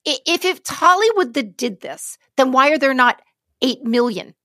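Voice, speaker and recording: A woman's voice: sits high, expressive, normal speed, fairly bright tone, no room sound, studio quality. A woman co-hosting a podcast in casual chat, talking bluntly, swearing freely and restarting her sentences. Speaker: podcast co-host.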